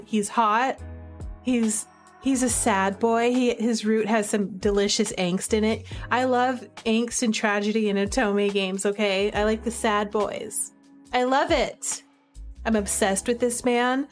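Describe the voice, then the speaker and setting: Giggly gushing woman reviewing games. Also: on the high side. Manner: gushing, giggly, chatty with many fillers. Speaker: video creator reviewing games. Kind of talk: enthusiastic casual commentary.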